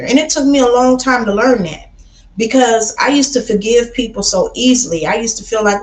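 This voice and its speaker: A woman's voice: on the high side, moderate pace, reverberant, low-quality recording. A woman from Chicago hosting a casual livestream, talking in a blunt, preachy way and often calling listeners baby. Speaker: livestream host.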